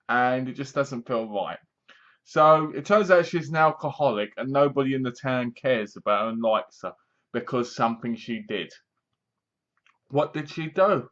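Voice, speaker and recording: A man's voice: medium pitch, measured pace. A man with an English accent giving a casual, rambling movie review that sounds sarcastic. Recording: dull lo-fi recording.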